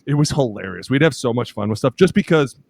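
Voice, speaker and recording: A man co-hosting a casual podcast, a former lineman telling animated stories and acting out teammates' shouted calls, swearing freely. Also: fast, vocal fry. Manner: animated storyteller acting out teammates' calls in loud high voices.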